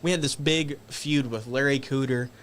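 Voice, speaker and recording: A man guest on a podcast, telling stories casually, animated and swearing, acting out shouted quotes. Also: medium pitch, normal speed, a little hiss or hum. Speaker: guest wrestler. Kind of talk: casual storytelling.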